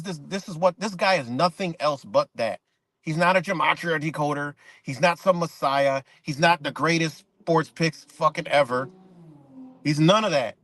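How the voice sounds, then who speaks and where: A man's voice: fairly high pitch, fairly bright tone, no echo. A man streaming live, delivering a rambling, profanity-laced rant in casual talk while reacting to chat comments.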